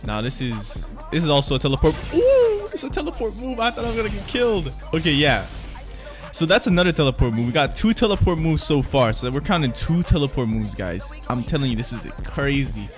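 A man's voice: on the high side, very animated, brisk, soft background music. A young man hosting a gaming channel, giving casual, slangy gameplay commentary and correcting himself often. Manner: slangy, hyped, self-correcting gamer talk.

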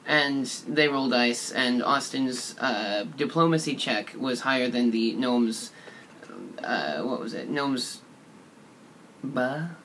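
A man's voice: mid-range voice, takes it slowly, a bit bright, a little hiss or hum. A man casually retelling a tabletop game session, rambling and profane, with lots of fillers. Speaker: storyteller.

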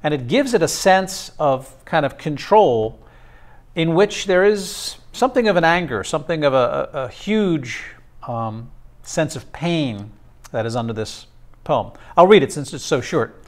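Halting male lecturer full of fillers. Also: mid-range voice, animated. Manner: halting, with many fillers and restarts. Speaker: instructor. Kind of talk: classroom lecture.

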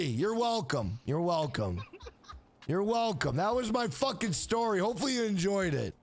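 A man's voice: high voice, sing-song, normal speed, vocal fry. A man live-streaming a video game, chatting casually with viewers in a rambling, profane way.

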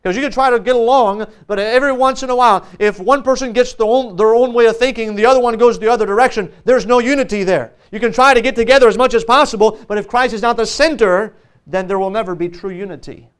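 A male pastor with an American accent delivers a sermon in a high, clear and resonant voice. He reads the Bible verses slowly and deliberately, then explains them with plenty of "uh"s and self-corrections. The delivery has the sound of a preacher speaking from the pulpit.

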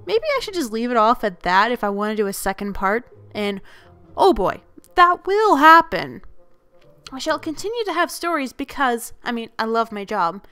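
A woman who works as a school bus driver, telling her stories as narration for an animated video in an expressive, lively way. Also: on the high side, moderate pace, clear, resonant tone. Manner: lively, expressive storyteller who acts out the people she quotes.

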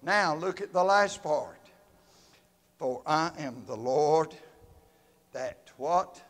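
A man preaching a sermon and leading prayer as pastor, with a Southern American accent, swelling loud and dropping soft. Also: on the high side, lively intonation, takes it slowly. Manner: fervent preaching with sudden swells and drops in loudness. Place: church sanctuary. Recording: long reverb of a church hall.

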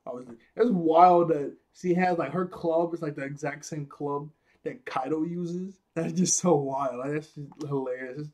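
A man's voice: on the high side, steady tone, normal speed, a little mellow. A man casually recapping an anime episode, rambling and laughing often as he acts out characters' lines. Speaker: anime reviewer.

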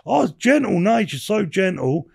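An older man in his sixties talks as an interview guest with a high, gravelly voice. He rambles from story to story, swears freely and keeps adding "you know what I mean". It has the easy pace of a casual podcast chat. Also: big pitch swings, moderate pace, a little mellow. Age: 60s. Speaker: podcast guest, former bare-knuckle boxer.

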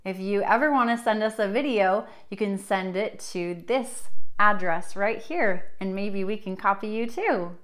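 A young woman teaching a children's music class, encouraging and sing-song, drawing her words out for little kids. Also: mid-range voice. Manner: bright, encouraging, slow and drawn out for young children.

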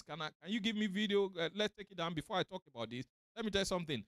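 A man's voice: sits high, fairly bright tone, no echo. A man preaching an impassioned sermon, calling out to his congregation and acting out voices as he retells scripture. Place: church or fellowship hall, streamed online.

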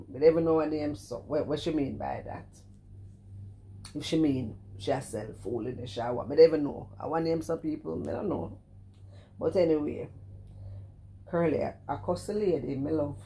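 A middle-aged Jamaican woman talks in a low, mellow voice, running casual commentary. She scolds with animation, repeating her points and breaking into exclamations. Her patois flows loose and conversational. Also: gravelly, a little hiss or hum. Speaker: vlogger commenting on another streamer.

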